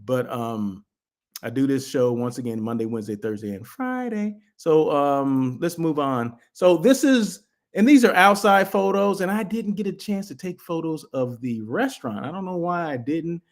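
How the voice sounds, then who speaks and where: Man, show host, casual livestream chat, rambling and chatty, gravelly voice. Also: a little high, moderate pace. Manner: rambling, chatty, restarts and asides.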